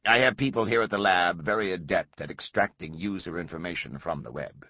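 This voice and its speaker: A man's voice: sits low, brisk, no echo. A man voicing a male physicist on the phone who talks in a rigid, mechanical, clipped way, in a slightly dull recording. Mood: cold. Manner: clipped and cold.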